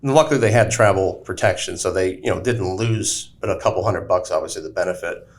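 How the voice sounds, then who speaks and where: A man, a travel advisor guest on a podcast, telling a story in casual chat with lots of fillers. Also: sits low. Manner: fast storytelling with many fillers.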